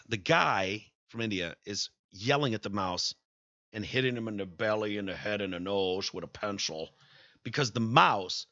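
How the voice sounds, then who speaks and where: A man hosting a casual podcast, telling a story in an animated, profane way. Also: on the low side, measured pace, dry recording, highs cut off. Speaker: podcast host.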